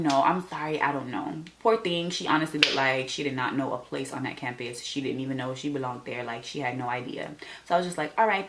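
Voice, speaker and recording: A young woman vlogger telling an animated storytime, acting out the people she quotes. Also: low-pitched. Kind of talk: storytime vlog.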